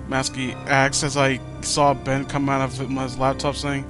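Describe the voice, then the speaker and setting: A man's voice: medium pitch, flat delivery, normal speed, music in the background. A man hosting a mocking dramatic reading of fan fiction, with sarcastic asides and frequent stumbles over words.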